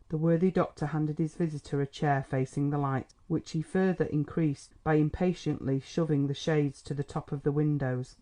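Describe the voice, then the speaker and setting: A man narrating an old novel as an audiobook in a measured, even manner. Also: fairly high pitch. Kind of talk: scripted narration.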